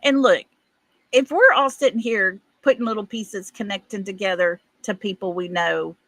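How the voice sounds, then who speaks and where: Speaking at normal speed in a medium-pitched, a bit bright voice, this middle-aged East Texas woman hosts a livestream without any room sound. She chats folksily, reads viewer comments, and laughs often.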